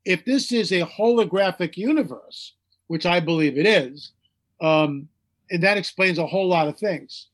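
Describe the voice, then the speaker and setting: A man's voice: high voice, normal speed. A man from the United States, speaking as a guest in an interview with emphatic repetition and mocking quoted voices. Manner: emphatic, repeats phrases for effect. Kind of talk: animated interview talk.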